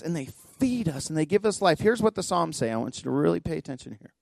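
A man pastor giving a sermon in a church, telling a story conversationally with quick asides. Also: fairly high pitch, very animated, vocal fry. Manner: impassioned, rising to near-shouting pleas. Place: church sanctuary.

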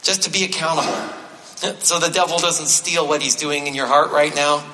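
A male pastor delivers a sermon in a conversational style, slipping in light self-deprecating humor and repeating his main points for emphasis. His voice sits a little high and sounds bright and forceful. It rings out with the long reverb of a large church hall. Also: normal speed, slight background noise. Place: church sanctuary.

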